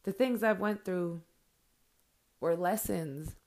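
A woman and mother talking straight to her followers in an earnest, blunt monologue, swearing freely and filling pauses with "like" and "um". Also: fairly low pitch, a little mellow. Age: adult with children. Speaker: vlogger addressing followers. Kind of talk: heartfelt direct-to-camera monologue.

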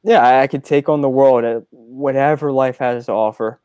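A young man in his twenties with a smooth, resonant voice tells his side of a family story. He speaks sincerely and reflectively, with small hesitations, in a dry, close sound. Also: mid-range voice, steady tone, moderate pace, dark tone, no echo. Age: 20s. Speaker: son and co-host. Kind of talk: casual storytelling.

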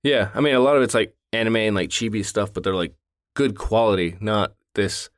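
A man's voice: fairly low pitch, a little fast. A man in his thirties co-hosting a podcast, telling stories in casual chat in a sarcastic, profane way. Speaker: podcast co-host.

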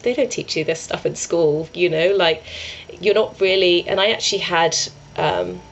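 A woman's voice: fairly low pitch, normal speed, creaky, lo-fi sound, slight background noise. A young adult woman, a yoga and meditation teacher, talking earnestly and rambling with many restarts as she tells a story. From England. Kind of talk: conversational storytelling.

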